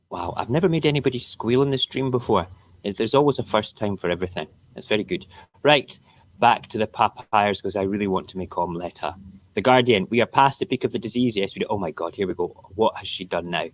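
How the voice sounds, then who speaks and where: A middle-aged Scottish man with an Edinburgh accent hosts a relaxed live stream, leafing through the morning papers. His voice sits fairly low, and he rants and jokes with his viewers in a loose, chatty way. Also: a little fast. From Scotland. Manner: ranting, jokey, talks back to chat viewers. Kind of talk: casual morning chat reading newspapers.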